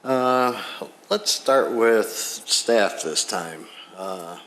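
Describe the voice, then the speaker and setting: A man chairing a village plan commission meeting, brisk and procedural. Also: lowish voice, animated, fairly bright tone. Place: village council chamber.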